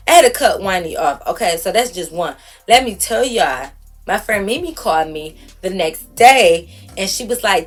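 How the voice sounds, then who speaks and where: A woman vlogger telling a story to her viewers in a casual, animated, exasperated way with plenty of slang. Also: medium pitch.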